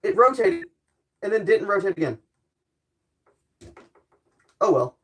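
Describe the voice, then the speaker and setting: A woman's voice: medium pitch, huge pitch swings, takes it slowly. A young woman streamer in her bedroom, chatting casually and muttering to herself while she tinkers with a gadget. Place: bedroom at home.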